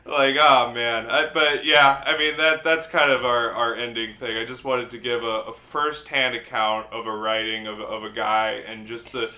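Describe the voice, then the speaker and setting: A man's voice: mid-range voice, flat delivery, moderate pace, hardly any pauses, pushed and bright. A man co-hosting a casual podcast, talking in a playful, profane, rambling way. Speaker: podcast co-host. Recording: roomy echo.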